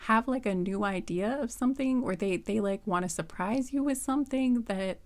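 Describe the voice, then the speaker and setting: A flustered, giggly woman reads tarot cards in a casual, rambling way, restarting her sentences often. Her voice sits a little high, and she speaks close to the microphone. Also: normal speed, a little mellow. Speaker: tarot reader. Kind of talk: casual pick-a-card tarot reading.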